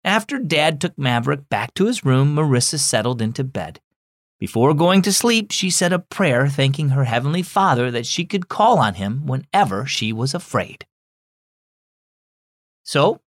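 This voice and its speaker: A man hosting a Christian children's devotional and reading a story aloud, gentle and expressive. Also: fairly high pitch, no room sound, studio quality. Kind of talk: scripted narration for children.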